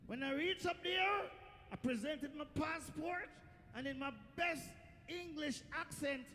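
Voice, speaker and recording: High-voiced Jamaican man doing stand-up. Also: a little slow. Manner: lively storytelling, loud bursts to the crowd. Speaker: stand-up comedian. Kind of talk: stand-up comedy set on a festival stage. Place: festival stage. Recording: echoey outdoor stage, faint noise.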